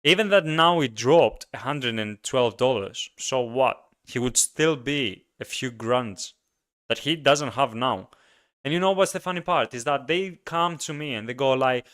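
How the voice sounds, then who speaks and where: A man's voice: mid-range voice, animated, unhurried, a bit bright. A man hosting a casual solo podcast, speaking emphatically and ranting with frequent repeats. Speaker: podcast host.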